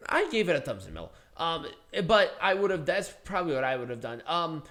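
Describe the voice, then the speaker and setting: A man's voice: on the high side, very animated, fairly quick, a bit bright. A man co-hosting a podcast, giving blunt, opinionated takes in casual chat and swearing freely. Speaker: podcast co-host. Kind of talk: casual wrestling review chat.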